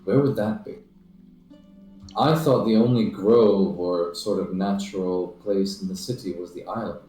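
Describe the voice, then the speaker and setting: A man with a fairly low voice, speaking in character in a tabletop game with formal, deliberate sentences. The sound is roomy, with faint music behind it. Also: mellow. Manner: formal, measured phrasing. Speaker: player. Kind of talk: in-character tabletop role-play.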